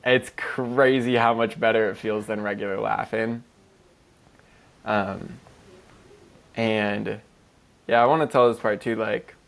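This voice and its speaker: A man's voice: lowish voice, gravelly, fairly bright tone. A man co-hosting a podcast in casual chat, talking loosely with lots of swearing and "like" fillers. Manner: loose, profane, heavy "like" fillers. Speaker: podcast co-host.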